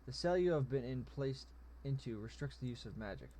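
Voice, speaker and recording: A man's voice: mid-range voice, animated, a little fast, dark tone, a little hiss or hum, lightly acted. A man voicing a sly, mocking male goblin general who speaks in smug, pompous phrases. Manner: smug, teasing, pompous wording.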